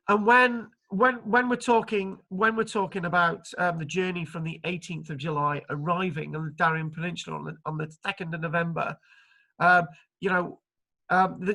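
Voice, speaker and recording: A man delivers an online archaeology lecture with a bright, clear-toned voice. He talks in an animated, joking way, full of fillers and restarts. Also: sits high.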